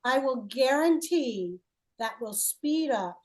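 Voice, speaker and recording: A woman's voice: high-pitched, expressive, takes it slowly, darkish tone. A woman leading a healing coaching call, playful and encouraging, asking leading questions.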